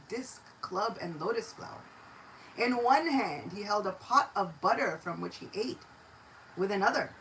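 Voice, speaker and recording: A woman lecturer narrating a devotional tale with animated, expressive delivery. Her pitch sits in an ordinary middle range, and she moves from hushed, low passages to lively, raised ones as she tells it. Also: a little hiss or hum, low-quality recording.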